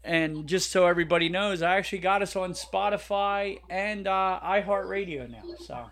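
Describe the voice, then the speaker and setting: A man co-hosting a podcast in casual chat, blunt and joking, getting loud when riled. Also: high-pitched, moderate pace. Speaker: podcast co-host.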